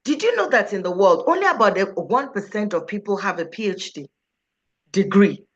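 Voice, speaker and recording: Woman, speaking coach, lively pitch, emphatic questions to the room, dull lo-fi sound. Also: moderate pace. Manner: animated, emphatic, asks the audience questions. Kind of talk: motivational talk to an audience. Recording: dull, slightly lo-fi recording.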